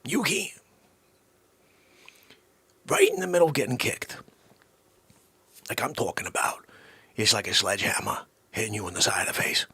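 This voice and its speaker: A man hosting a comedic vlog, excitable and rambling, swinging from shouts down to whispers. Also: medium pitch, moderate pace, pauses often, slightly rough, no echo. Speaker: host.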